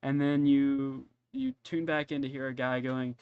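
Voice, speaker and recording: Halting casual male game master. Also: mid-range voice, fairly even intonation, a little mellow, clean tone, no echo. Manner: casual, halting, many fillers. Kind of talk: narrating a tabletop game.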